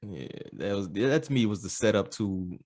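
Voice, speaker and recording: Chill guy hosting a podcast, deep-ish, dry sound. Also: lively intonation, moderate pace, a little mellow, dry recording. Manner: laid-back, laughing along. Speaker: podcast host. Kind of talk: casual political chat.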